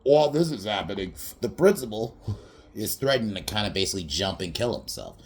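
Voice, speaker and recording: A man's voice: lowish voice, expressive, brisk, a little hiss or hum. Profane laughing young man recapping a movie. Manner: rambling, profane, laughs often, jumps into quoted voices. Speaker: podcast host reviewing a film. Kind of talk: casual film recap.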